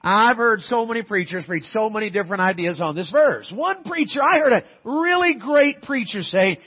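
A man's voice: sits high, lively intonation, normal speed, slightly rough, lo-fi sound. A man preaching a sermon to his congregation in a conversational way, asking the crowd questions and acting out the parents he quotes. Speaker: pastor. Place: church auditorium with a congregation.

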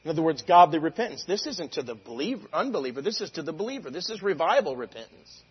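A man preaching a sermon, moving between conversational asides and loud, drawn-out shouted lines of scripture. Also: fairly high pitch, sing-song, slightly rough, long reverb tail, dull audio.

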